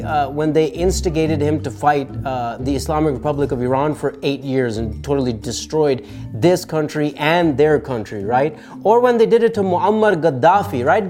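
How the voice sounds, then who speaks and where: Man, casual commentary, animated, put-on voices for quotes, faint music behind. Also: a little high.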